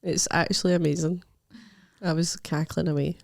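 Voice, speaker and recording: A woman's voice: deep voice, steady tone, moderate pace, gravelly. A young Scottish woman co-hosting a comedy podcast, chatting bluntly and laughing often. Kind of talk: casual chat.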